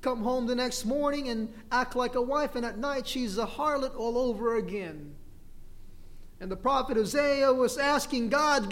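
A man's voice: very high voice, normal speed, fairly bright tone. A male pastor preaching a sermon, mixing in light jokes and asking the congregation "amen?".

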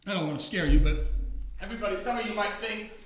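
A middle-aged man preaching a sermon in a loud, booming drill-instructor voice, heard in a church hall. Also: quick pace. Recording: echoey hall from far off.

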